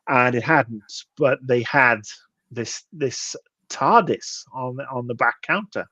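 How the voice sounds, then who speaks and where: A man's voice: mid-range voice, slow, pushed and bright, dry recording. A man co-hosting a podcast, talking in a casual, rambling way and often stopping to restart his sentences. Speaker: podcast co-host. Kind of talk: casual chat.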